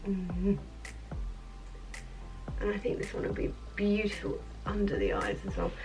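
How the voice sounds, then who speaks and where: A woman vlogger chatting in a rambling way through a makeup tutorial at her office, sometimes dropping to soft murmurs. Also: medium pitch, very animated, measured pace, dull audio. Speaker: beauty vlogger. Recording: mic at a distance, faint background music.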